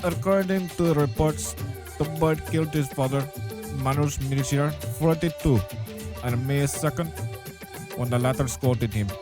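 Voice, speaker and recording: A man's voice: fairly high pitch, measured pace. A man hosting a casual podcast, reading news aloud and teasing his co-host in a blunt, profane way. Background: music.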